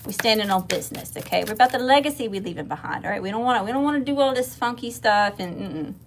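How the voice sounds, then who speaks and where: A woman's voice: fairly high pitch, expressive, fast, background noise. A woman from Mississippi with a Southern accent, giving a casual livestream tarot reading, swearing freely and calling her viewers y'all. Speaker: tarot reader.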